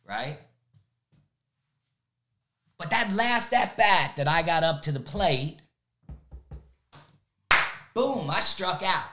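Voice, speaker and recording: A man who coaches youth sports, giving an energetic motivational talk and checking in with "right?" again and again. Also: on the high side, slow, pauses often. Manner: energetic, repeats "right?" often.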